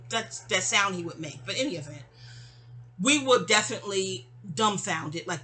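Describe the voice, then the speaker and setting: A woman's voice: medium pitch, expressive, moderate pace, sharp tone, slightly rough. A woman telling a personal story in a rambling, casual storytime style, often repeating words and acting out what others said. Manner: rambling, repeats and restarts words, acts out quotes.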